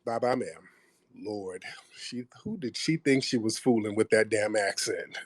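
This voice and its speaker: A man's voice: lowish voice, normal speed, no echo, studio quality. Blunt joking man hosting. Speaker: host. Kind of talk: live audio call-in show.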